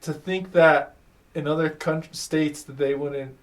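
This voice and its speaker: Male podcast guest, casual, quick surprised reactions, slightly high voice. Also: steady tone. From New Mexico. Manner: reacts with short surprised questions. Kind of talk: casual chat.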